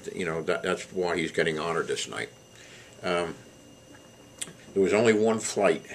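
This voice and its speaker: A man's voice: low-pitched, slight background noise. An older man telling a casual spoken anecdote, rambling with fillers and self-corrections. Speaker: storyteller recalling past trips.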